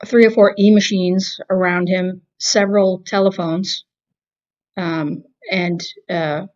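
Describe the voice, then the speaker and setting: A woman's voice: on the low side, fairly even intonation, slow pace, a little mellow, lo-fi sound. A woman with a Boston accent, co-hosting a casual movie review chat and telling rambling, wry stories. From Massachusetts. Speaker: podcast co-host.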